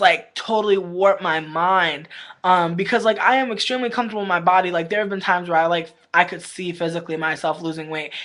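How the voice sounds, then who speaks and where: Brief: woman vlogger, loose livestream chatter, blunt and profane, mid-pitched voice. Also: fairly bright tone. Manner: candid, slangy, swears freely; rambling with many fillers. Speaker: vlogger reviewing a reality show. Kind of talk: casual livestream chat.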